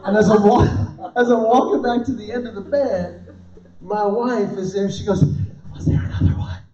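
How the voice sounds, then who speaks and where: A male stand-up comedian telling a story to a dinner crowd, acting out voices as he goes. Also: normal speed. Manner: animated storytelling, acts out his wife's high shrieks. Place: event hall with audience laughter. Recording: roomy, distant, dull hall recording.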